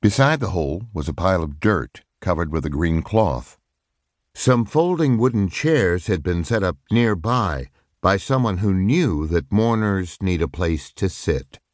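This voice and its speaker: A man reading a reflective nonfiction audiobook in a measured, solemn way. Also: low voice, lively intonation, no echo, clean studio sound. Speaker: audiobook narrator. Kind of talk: scripted audiobook narration. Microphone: close studio microphone.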